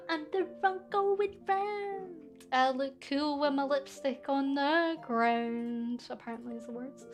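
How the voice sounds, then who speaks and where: High-voiced Scottish woman streamer. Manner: chatty, giggly, reads viewer comments aloud. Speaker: VTuber streamer. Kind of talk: casual Q&A stream chat.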